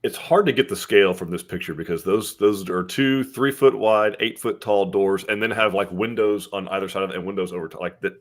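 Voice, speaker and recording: A man's voice: on the low side, a little fast, hardly any pauses. A man co-hosting a casual live stream, talking in a folksy, rambling way with frequent restarts. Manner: folksy, talkative, lots of restarts. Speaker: co-host, home builder presenter.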